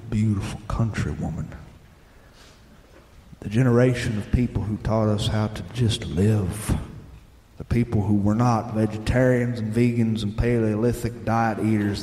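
A man, telling plainspoken, gently humorous stories live on a theater stage. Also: on the low side, a little hiss or hum. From Southern United States. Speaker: storyteller and radio host. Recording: echoey live theater with long reverb.

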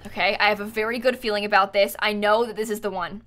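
A woman live-streaming a video game, chatting with viewers in an excitable, dramatic, giggly way. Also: medium pitch, quick pace, soft background music. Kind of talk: live-stream chat while gaming.

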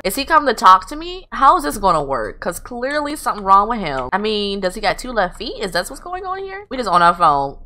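Lively bright-voiced woman gamer. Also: mid-range voice, brisk. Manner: animated, swearing, joking, squealing in surprise. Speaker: gaming channel host. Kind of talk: casual gameplay commentary.

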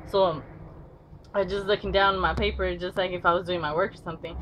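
A woman's voice: medium pitch, fairly even intonation, fast talker. A woman vlogger telling a school story casually, rambling with many fillers and free swearing. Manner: rambling, lots of "like", swears freely. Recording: slightly dull with faint noise.

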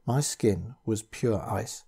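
A man giving a measured, grave first-person reading of a horror story. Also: lowish voice, creaky, dark tone, slightly rough. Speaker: audiobook reader.

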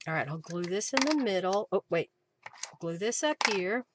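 A woman's voice: mid-range voice, animated, normal speed, noisy background. A woman hosting a casual craft live stream from her home craft room, chatting and thinking aloud as she works.

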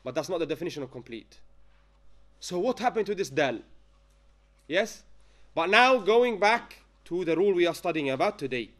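A man teaching a Quran recitation class. He dictates notes slowly, asks the students frequent questions to check they follow, and chants verses as examples. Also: high voice, lively intonation, a bit bright. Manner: chants Arabic verses when giving examples. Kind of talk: classroom lesson.

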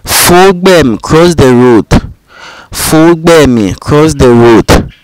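A man teaching vocabulary, saying each phrase twice in a calm, patient way. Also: fairly high pitch, takes it slowly, dry recording, rough recording. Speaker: language teacher. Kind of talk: slow, repetitive vocabulary drill.

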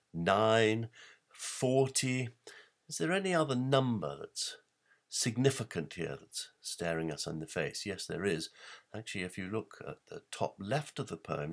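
A man giving an explanatory talk, emphatic, posing rhetorical questions and reading verse aloud. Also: low voice. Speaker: presenter.

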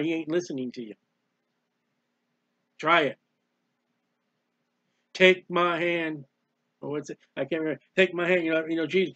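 A man giving a personal devotional talk as a preacher, emotional and halting, sometimes crying out in prayer. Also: on the high side, fairly bright tone, no room sound, muffled recording.

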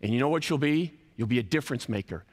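Speaking at a normal mid-range pitch with a darkish tone, he talks fast and animatedly. He's a college athletic director and speaker in his fifties, swinging his voice up and down through an emphatic sermon as the large chapel's hall reverb rings out.

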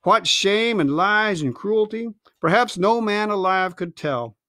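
A man reading a classic adventure novel aloud with expressive storytelling. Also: high-pitched, unhurried, dry recording, studio quality. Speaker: reader.

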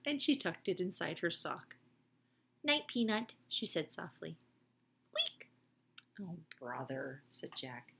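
A woman reading a children's book aloud in a gentle, expressive way. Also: fairly low pitch, a little hiss or hum. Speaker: storyteller.

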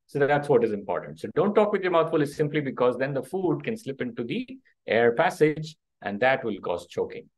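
A man's voice: mid-range voice, very animated, a little fast, hardly any pauses, low-quality recording. A middle-aged man, a doctor giving an interactive first-aid workshop who keeps checking in with his audience. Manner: checks in with the audience, asking "okay?" and "right?". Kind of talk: interactive health workshop talk.

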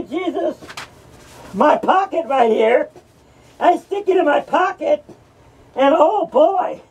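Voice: sits high, recorded from a distance, low-quality recording. A performer voicing a mocking male madman from hell who hosts a horror rant, taunting and cursing at the listeners. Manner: ranting, taunting, cackling, profane.

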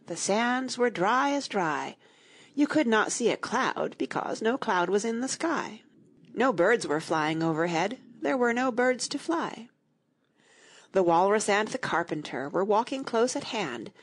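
A woman narrating a children's audiobook, reading rhymed verse in an expressive, rhythmic way. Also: medium pitch, unhurried, breathy edge.

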